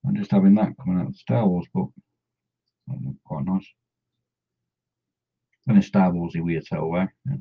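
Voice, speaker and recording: In a dull lo-fi recording, a man talks casually while painting miniatures, drifting from thought to thought and humming and mumbling along. He has a low, gravelly, slightly rough voice, speaks at a moderate pace and pauses often.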